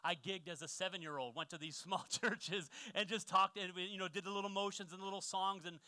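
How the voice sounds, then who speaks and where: A man in his forties from northwestern Pennsylvania, preaching a sermon with stories from his childhood, lively in the stories and quiet in the reflection. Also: high-pitched, clear, resonant tone, no room sound. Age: 40s. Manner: storytelling, animated when acting out childhood scenes, then quiet and reflective. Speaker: pastor.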